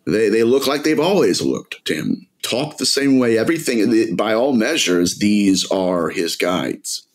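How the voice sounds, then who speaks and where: A middle-aged man tells his story with dramatic intensity, his low voice rising and falling in wide, animated swings. He keeps leaning in toward the listener, calling them his friend. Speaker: podcast guest, demonologist author. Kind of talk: storytelling in an interview.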